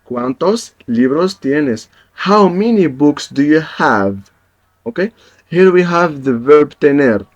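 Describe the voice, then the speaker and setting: A man teaching a Spanish lesson in English, patiently repeating each example and checking in with his viewers. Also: medium pitch. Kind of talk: language lesson.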